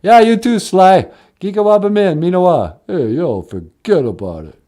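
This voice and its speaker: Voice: medium pitch, lively intonation, normal speed, mellow, close to an everyday voice. A performer doing a mumbling tough-guy impression of a washed-up male movie star, drawling. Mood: proud.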